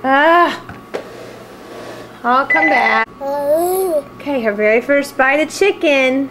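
A woman's voice: high-pitched, lively intonation, slow, noisy background. A woman filming her babies at home on a handheld camcorder, playful and cooing, laughing often as she talks to them. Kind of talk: home video chat. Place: at home indoors.

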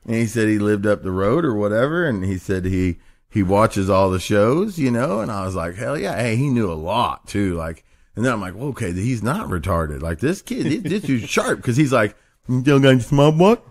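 A man's voice: on the low side, sing-song, moderate pace. A man hosting a podcast, telling a crude story in casual chat, rambling and swearing and laughing along the way. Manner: rambling, profane, laughs through his stories. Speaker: podcast host.

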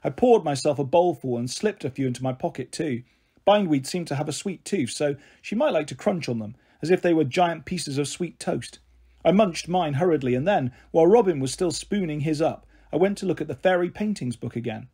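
A man reads a children's novel aloud in a husky, slightly raspy voice pitched a little high. He is expressive and changes his voice for each figure in the story. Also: a little fast. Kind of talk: audiobook reading of a children's novel.

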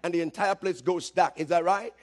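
A man preaching a sermon with great passion, telling a story, calling out to the congregation and rising to shouts. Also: high-pitched, fairly even intonation, brisk. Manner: impassioned, building to shouts, calls for audience response. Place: church service, streamed live.

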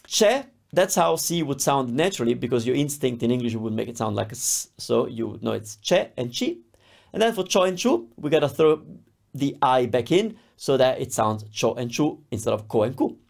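A man with an Italian accent, a native Italian speaker, teaching a language lesson to camera and repeating words slowly and clearly. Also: mid-range voice. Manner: lively, sounds words out slowly and repeats them.

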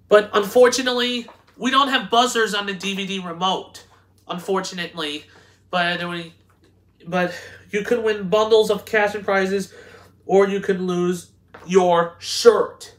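A man reading game instructions aloud, halting and stumbling over words with frequent restarts. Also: high voice, fairly bright tone. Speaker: host.

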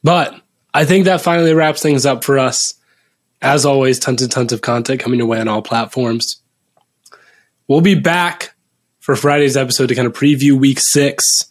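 A man's voice: mid-range voice, steady tone, moderate pace. A man hosting a sports podcast, closing the episode with upbeat patter. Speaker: podcast host. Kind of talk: show sign-off.

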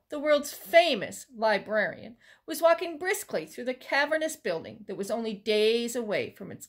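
A woman librarian reading a children's chapter book aloud with expressive storytelling. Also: a little high.

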